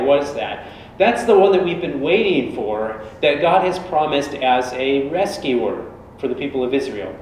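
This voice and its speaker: Male preacher, chatty sermon delivery, booming church reverb, faint hiss. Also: darkish tone. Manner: conversational, informal storytelling. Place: large church. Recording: echoey church from a distance.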